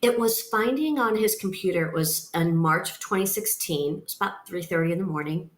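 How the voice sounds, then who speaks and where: A woman's voice: on the low side, brisk. A woman sharing her personal story as a podcast guest, speaking in an earnest, emphatic way. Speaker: guest, nonprofit founder. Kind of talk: personal testimony in a podcast interview. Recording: roomy echo.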